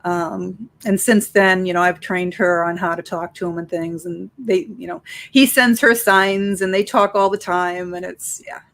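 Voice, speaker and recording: A woman, a psychic medium, talking as an interview guest and telling stories with lively acted-out dialogue. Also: fairly low pitch, unhurried, hardly any pauses. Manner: animated, acts out dialogue in her stories. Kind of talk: conversational interview storytelling.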